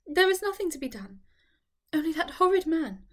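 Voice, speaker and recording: A woman's voice: sits high, animated, brisk. A woman reading aloud and voicing a distressed young widow, breathless and upset, in an audiobook.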